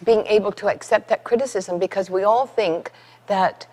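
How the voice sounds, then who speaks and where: A woman's voice: mid-range voice, moderate pace. A woman hosting a literary TV show, introducing and questioning a guest in a friendly way. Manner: friendly, expressive interviewer. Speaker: TV host. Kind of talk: interview. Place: community TV studio.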